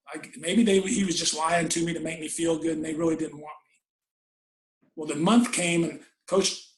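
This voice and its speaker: Folksy storytelling man, echoey room. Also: a little high. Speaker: football coach and guest. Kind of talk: storytelling in a podcast interview.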